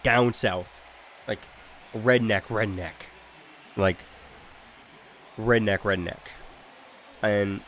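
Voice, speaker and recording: A man from Ontario with a Canadian accent chats casually over gameplay as a gaming creator, rambling and leaning heavily on "like" and "um" while restarting his sentences often. His voice is mid-range, with a little hiss or hum in the recording.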